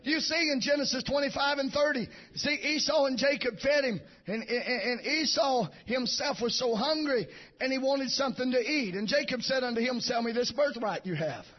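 A man preaching a fiery sermon, shouting in rhythmic bursts and punctuating lines with amen. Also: very high voice, normal speed. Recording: dull lo-fi church recording.

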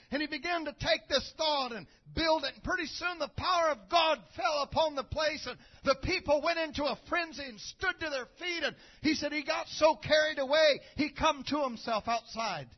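A male preacher tells a story in a sermon, moving from quiet narration to loud, shouted praise. His voice sits very high. The recording is muffled and lo-fi. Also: moderate pace.

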